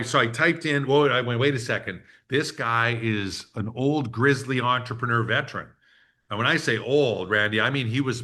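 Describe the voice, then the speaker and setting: Bright-voiced man in his sixties. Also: mid-range voice. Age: 60s. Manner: animated storyteller who acts out quotes and laughs. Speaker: workshop presenter. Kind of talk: storytelling business workshop talk.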